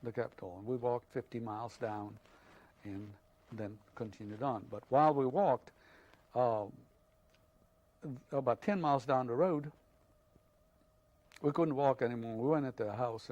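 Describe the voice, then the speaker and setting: An older man, from Hungary, telling his life story in an oral history interview, halting and full of fillers. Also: medium pitch, a little mellow, no room sound.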